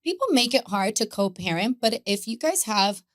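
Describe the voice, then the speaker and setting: A woman's voice: mid-range voice, moderate pace, no room sound. Chatty woman guest, dry close mic. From Mexican-American family. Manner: chatty, animated storytelling with laughter. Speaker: guest, Pilates instructor. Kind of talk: casual podcast conversation.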